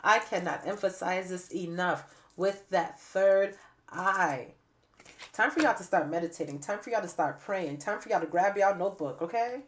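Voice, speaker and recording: Stuffy, raspy-throated woman reading tarot. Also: lowish voice, animated, a little fast, few pauses. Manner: repetitive, emphatic, preaching. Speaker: tarot reader. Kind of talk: spiritual reading to camera.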